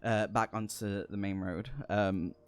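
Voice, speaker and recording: A man's voice: fairly low pitch, fairly even intonation, a little slow, clear, resonant tone. A man narrating a tabletop game as game master, hesitant with many fillers.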